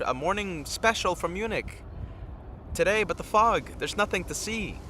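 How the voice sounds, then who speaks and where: Tired male stream host, a little high and bright, rambling outdoors over faint traffic. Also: animated, normal speed. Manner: rambling, chats directly with viewers. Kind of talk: casual live-stream chat.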